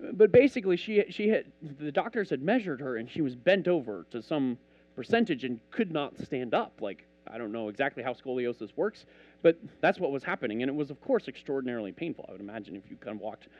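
A man delivers a relaxed, story-driven sermon with a lively, up-and-down voice that sits a little high. He slips into the voices of people in his stories as he goes. The recording sounds dull and lo-fi. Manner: animated, conversational, acts out dialogue. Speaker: preacher.

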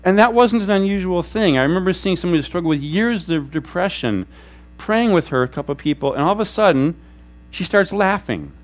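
A man preaching a sermon as a pastor, telling stories in an animated way and acting out quoted voices. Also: high-pitched, fairly quick. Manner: animated storytelling, acts out quotes. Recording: faint mains hum.

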